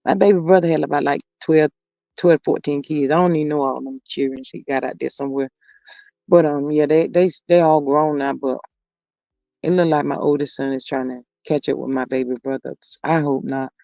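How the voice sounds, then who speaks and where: Woman, middle-aged grandma, livestream host, chatty and homespun, gravelly voice, dry close mic. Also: deep voice, steady tone, brisk, dark tone, dry recording, highs cut off. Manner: chatty and homespun, reads comments aloud, says "Lord have mercy" often. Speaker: livestream host reading viewer comments. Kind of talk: casual livestream chat.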